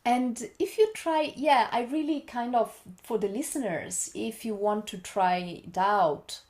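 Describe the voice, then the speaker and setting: A woman guest on a podcast, speaking calmly and reflectively about voice and body awareness. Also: a little high. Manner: slow, calm, exploratory speech.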